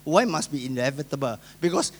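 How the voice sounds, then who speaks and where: A male pastor with a Singaporean accent delivers an emphatic sermon in a somewhat higher voice. He swings between loud, stressed lines and quiet asides, and acts out the people he quotes. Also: expressive, brisk. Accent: Singaporean English.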